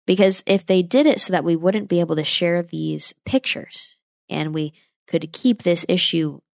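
A woman's voice: fairly low pitch, normal speed, creaky, darkish tone, dry recording, clean studio sound. A young woman from the United States, talking straight to her viewers in an impassioned, opinionated vlog. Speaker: travel vlogger. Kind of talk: casual opinionated vlog monologue.

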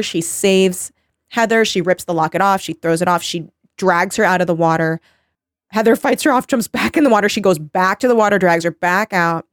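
A woman in her thirties co-hosts a book podcast, rattling through the plot with plenty of "like" and the odd curse. Her voice is smooth and clear, at an ordinary pitch, and the sound is very dry and close. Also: no room sound. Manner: rambling plot summary with quoted voices and swearing. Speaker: podcast co-host. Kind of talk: casual book recap chat.

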